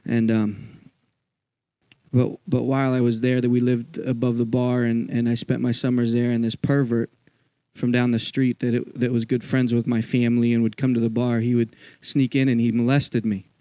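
A man's voice: medium pitch, little pitch movement, normal speed, mellow, no echo. A man from Philadelphia giving a personal testimony as a guest speaker at a church, talking in a conversational storytelling way with frequent asides. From Philadelphia, USA.

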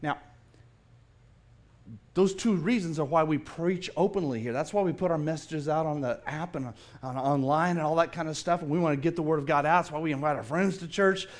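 A middle-aged man preaching a sermon in a church, playful and animated, acting out the people he quotes. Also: fairly high pitch, a little fast. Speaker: pastor. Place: church sanctuary.

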